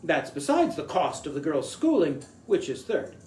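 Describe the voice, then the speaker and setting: A man's voice: on the high side, huge pitch swings, normal speed, a little mellow, echoey room, a little hiss or hum. Man doing a fussy small-town real estate man. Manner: fussy, formal and long-winded.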